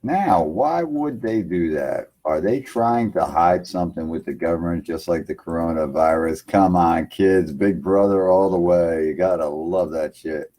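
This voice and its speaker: A man's voice: sits low, measured pace, hardly any pauses, dark tone. A man hosting an internet radio livestream, rambling loosely in casual chat from his home computer setup and filling lines with "man".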